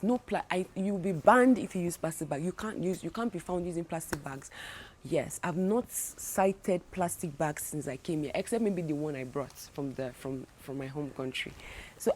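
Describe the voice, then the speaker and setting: A young woman from Nigeria chats her way through a travel vlog. She rambles, restarts her thoughts, and keeps an easygoing, conversational flow. Her voice sits a little low for a woman. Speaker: travel vlogger. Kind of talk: casual vlog chat.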